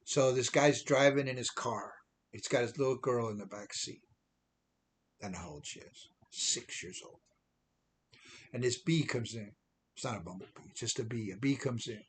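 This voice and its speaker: A man's voice: mid-range voice, normal speed, slight background noise. A man giving an informal devotional talk as an online preacher, chatting along and often repeating and restarting phrases.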